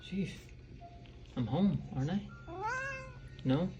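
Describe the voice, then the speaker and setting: A man's voice: medium pitch, normal speed, highs cut off, music in the background. A man filming at home, talking to his pets in a playful, teasing way, like he would to kids. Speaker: pet owner filming at home. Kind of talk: casual home video chat. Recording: noisy home video.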